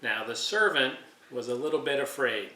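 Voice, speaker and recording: A man teaching a preschool Sunday school lesson, patient and clearing his throat often. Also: medium pitch, expressive, normal speed, sharp tone. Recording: echoey room, far from the mic.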